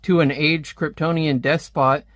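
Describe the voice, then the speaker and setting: A man's voice: a little high, fairly even intonation, measured pace, fairly bright tone, no echo. Smug taunting genius villain, read by a man. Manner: mocking, taunting. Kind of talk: reading comic dialogue aloud.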